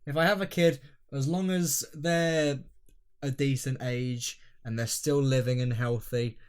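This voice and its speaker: A man's voice: mid-range voice, steady tone, a little slow, a little mellow, clear, resonant tone. A man co-hosting a podcast in casual chat, talking with fillers and frequent laughs. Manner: chatty, laughs often, hesitant fillers. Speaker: podcast co-host.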